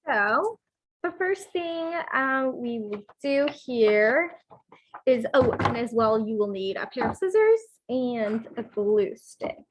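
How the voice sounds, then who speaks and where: A woman's voice: a little high, animated, takes it slowly, a little hiss or hum. A woman presenting a children's program, reading a storybook aloud and then explaining a craft step by step. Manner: gentle, instructive, with fillers.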